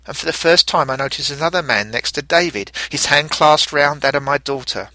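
Bright-voiced man telling a story. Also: medium pitch, fairly quick, hardly any pauses, dry recording. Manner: reflective, gentle first-person telling. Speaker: narrator. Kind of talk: storytelling narration.

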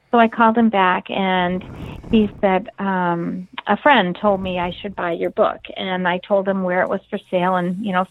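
A woman's voice: mid-range voice, dry recording. A woman guest, an author, earnestly telling a personal story and acting out the dialogue as she goes. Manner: earnest, retells dialogue vividly. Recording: phone-line sound.

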